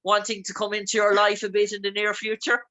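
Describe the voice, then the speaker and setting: A man's voice: high voice, monotone, fast, sharp tone. A man with an Irish accent hosting a casual interview, asking long, rambling questions full of fillers. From Ireland. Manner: rambling, filler-heavy phrasing.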